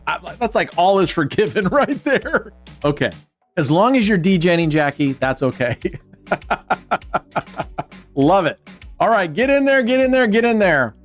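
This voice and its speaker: A man's voice: sits high, animated, measured pace, soft background music. A man hosting a livestream giveaway, chatting casually and teasing viewers in playful banter. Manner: joking, teasing banter with chat. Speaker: livestream host.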